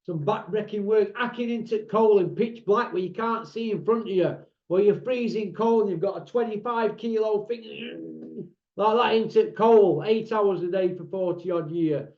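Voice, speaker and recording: Northern English man, channel host ranting to camera, blunt and mocking, high voice, roomy lo-fi recording. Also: moderate pace, vocal fry. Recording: roomy, dull lo-fi sound.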